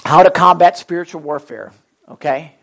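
A man preaching a sermon, telling stories and acting out his own thoughts in an animated way. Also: on the high side, normal speed.

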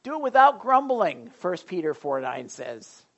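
A man, a pastor preaching a sermon to a small group, moving between loud emphasis and quiet asides. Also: sits high, very animated, measured pace, lo-fi sound.

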